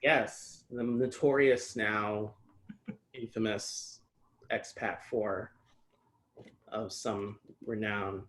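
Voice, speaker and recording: A man's voice: fairly low pitch, fairly even intonation, extremely slow, long pauses, poor audio. A man reading his own short story aloud at a social reading event, with wry asides before he starts. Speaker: author reading his fiction.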